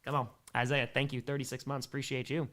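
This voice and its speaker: A man doing excitable live play-by-play and reactions on a stream, reading out fan messages, a bit out of breath. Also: mid-range voice, quick pace. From Wisconsin, United States. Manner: excitable, hyped, reads fan messages aloud.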